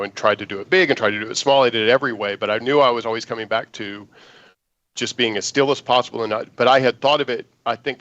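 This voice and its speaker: A man, an actor guest, telling an animated audition story in an interview and acting out the lines he quotes. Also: mid-range voice, no echo, dull audio.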